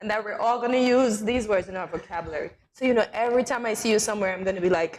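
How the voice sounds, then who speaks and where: A woman's voice: mid-range voice, racing. A woman co-hosting a morning talk show in casual chat, playful and teasing, laughing to tears.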